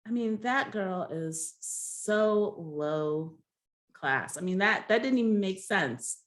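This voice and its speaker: A woman's voice: mid-range voice, lively intonation, slow pace. A woman casually recapping a reality show episode, rambling with many fillers and giving blunt, gossipy opinions.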